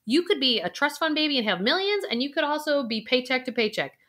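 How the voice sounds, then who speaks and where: Bright, direct woman coaching. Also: high-pitched, animated, fast talker. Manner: earnest, direct, guiding exercises. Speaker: financial coach. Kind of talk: coaching talk.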